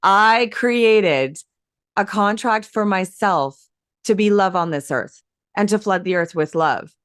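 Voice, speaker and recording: A woman talking as an interview guest, an excitable storyteller who acts out her own reactions. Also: medium pitch, takes it slowly, no room sound, clean studio sound. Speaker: hypnosis coach, interview guest. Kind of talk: animated interview conversation.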